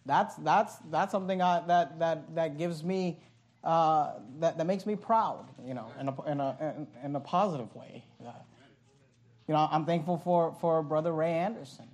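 A pastor preaching a sermon with impassioned delivery and many quick restarts of his phrases. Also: on the high side, a little mellow.

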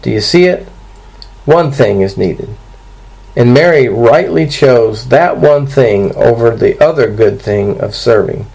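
A man preaching an expository sermon to his congregation, earnest and steady, walking through scripture verse by verse. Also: mid-range voice, unhurried, vocal fry, husky, rough recording. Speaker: pastor.

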